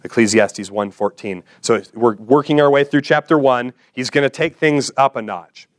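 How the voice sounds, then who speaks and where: A male pastor preaching a sermon, speaking directly to his listeners with questions and slowing down to repeat key phrases with emphasis. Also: mid-range voice, no echo, studio quality. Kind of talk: expository sermon.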